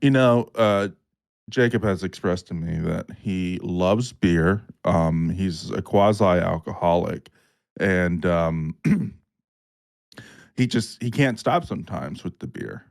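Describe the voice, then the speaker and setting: A man's voice: deep voice, takes it slowly, gravelly, a little mellow. A young man hosting a podcast, joking around and swearing freely in casual chat. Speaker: podcast host.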